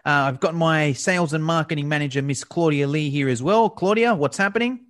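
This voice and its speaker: Guy hosting a podcast, kinda high voice, laid back and chatty. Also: a little fast. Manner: relaxed, chatty, laughs easily. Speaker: podcast host. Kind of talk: casual podcast interview.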